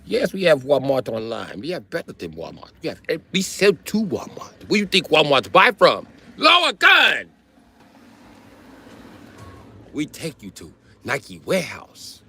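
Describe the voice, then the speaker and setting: A man's voice: medium pitch, sing-song, moderate pace, gravelly, hardly any pauses, fairly bright tone, breathy edge, full character voice. A man voicing a flirty, pushy woman soldier who talks in clipped, broken English. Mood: pleading. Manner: clipped broken phrasing, coaxing.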